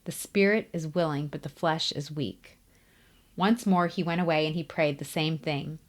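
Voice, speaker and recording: Woman reading scripture out loud, lowish voice, steady and careful. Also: normal speed. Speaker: scripture reader.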